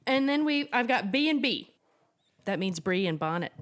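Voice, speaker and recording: A woman's voice: a little high, sing-song, normal speed. A woman co-hosting a podcast, recapping events in a plain, matter-of-fact casual chat. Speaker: podcast co-host.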